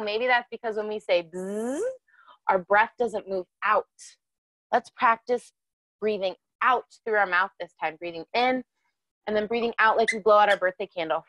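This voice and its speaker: A woman's voice: medium pitch, moderate pace, pauses often, fairly bright tone, no room sound, dull audio. Cheerful woman teaching kids yoga. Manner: cheerful, encouraging, asks children questions. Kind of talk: guiding a children's yoga class.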